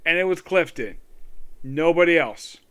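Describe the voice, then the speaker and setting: A man's voice: fairly high pitch, lively intonation, measured pace, a bit bright, clean tone. A man giving a loose, rambling casual recap of anime episodes, filling his talk with small asides and affirmations. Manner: rambling, loose, peppered with "of course" and "yep". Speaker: anime reviewer.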